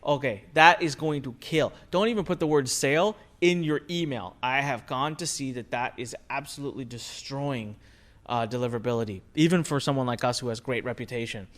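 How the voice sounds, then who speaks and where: An online marketing instructor teaches a recorded course lesson, speaking briskly in a medium-pitched voice. His delivery is energetic and conversational, with emphasized points and rhetorical questions.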